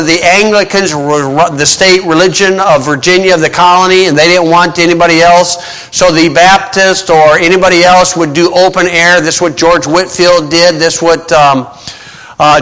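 A male preacher with a high, bright voice delivers a plain-spoken sermon, full of sarcastic asides and mock-voiced quotes. His voice rings out with a long reverb through a large hall.

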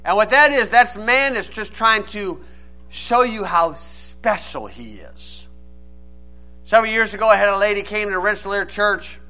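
A man's voice: high voice, expressive, a little slow, sharp tone. A man preaching a sermon, reading old-style scripture and then explaining it plainly and with emphasis.

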